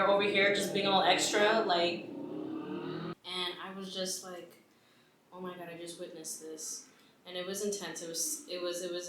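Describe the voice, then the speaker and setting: A woman's voice: sits low, a little hiss or hum. Storytelling woman in an echoey room. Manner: animated, acts out quotes, many fillers. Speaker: mukbang vlogger. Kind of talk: casual storytime.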